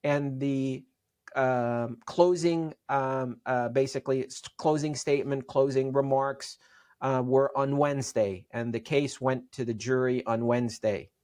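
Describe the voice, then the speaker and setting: Interview guest: middle-aged man, earnest, halting repetitions. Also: medium pitch, fairly even intonation, darkish tone. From Syria. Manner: earnest, repeats and restarts words. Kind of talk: interview storytelling.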